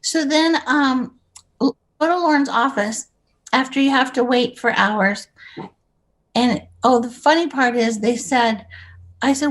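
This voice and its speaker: A woman with a bright, high voice tells casual stories as a podcast guest. She laughs easily and slips into the voices of the people she describes. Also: unhurried. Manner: chatty, giggly, acts out voices while telling stories. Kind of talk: casual anecdotal storytelling.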